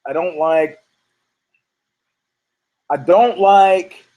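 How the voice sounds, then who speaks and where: On lo-fi sound, a man with a high voice talks very slowly as host of a casual sports podcast. He rambles on, fumbles his words, circles back to the same points, and swears often.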